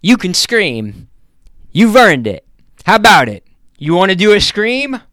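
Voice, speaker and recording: A man reading aloud, voicing an eager male warehouse boss who talks loud and pushy. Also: high voice, sing-song, a little slow, dry recording, voice pushed up, heavily acted. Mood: coaxing.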